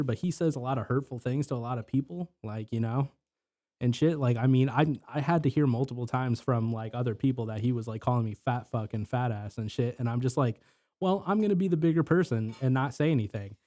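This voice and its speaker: A man's voice: medium pitch, fairly even intonation, quick pace, dark tone. A young man telling work stories in casual podcast chat, rambling with lots of filler words and swearing.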